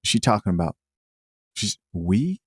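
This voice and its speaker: A man's voice: on the low side, very animated, normal speed, breathy edge, no room sound, studio quality. A man hosting a reaction show, thinking aloud in a hesitant, wry way. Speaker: host. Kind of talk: reaction commentary.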